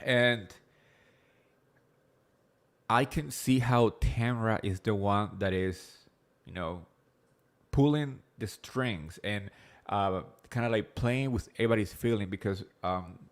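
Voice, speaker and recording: A man with an accent hosting a casual live recap chat, rambling quickly with lots of fillers and swearing freely. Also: fairly low pitch. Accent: non-native English accent. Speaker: host of a reality TV recap show.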